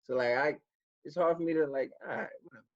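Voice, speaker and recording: A man co-hosting a podcast, telling stories in relaxed, slangy casual chat. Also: on the high side, quick pace, muffled recording. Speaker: podcast co-host.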